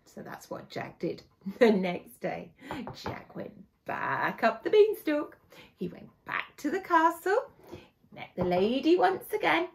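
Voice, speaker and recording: A woman teacher telling a fairy tale to young children, with dramatic, hushed moments. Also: sits high, slow pace, gravelly, slight background noise. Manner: expressive, dramatic, hushed asides.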